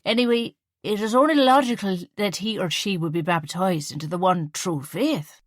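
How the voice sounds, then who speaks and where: A woman's voice: mid-range voice, moderate pace, no room sound, clean studio sound, close to an everyday voice. A woman voicing a tipsy, outspoken Irish mother from Kerry, slurring slightly and pushing her views. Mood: bossy, tipsy.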